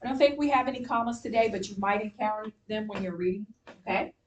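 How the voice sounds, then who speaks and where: A woman teaching a classroom reading lesson, encouraging and clear as she gives instructions. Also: medium pitch, fast talker. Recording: distant mic with faint noise.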